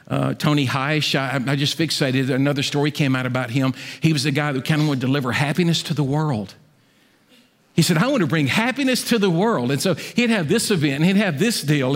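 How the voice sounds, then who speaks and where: A middle-aged man preaching a sermon as pastor, swinging from loud, high appeals down to hushed asides. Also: in a large hall.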